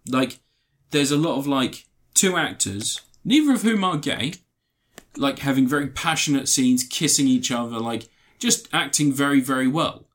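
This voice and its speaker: A man's voice: medium pitch, animated, normal speed, a bit bright. Guy rambling thru a tv review, lots of ums and restarts, casual chat. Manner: rambling, many fillers and restarts. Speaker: podcast co-host reviewing TV.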